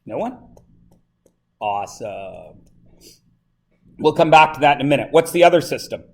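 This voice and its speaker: A man from Canada teaching a high school math class, talking casually, joking with the students and asking them lots of questions. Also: lively intonation, moderate pace, darkish tone. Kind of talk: classroom lesson.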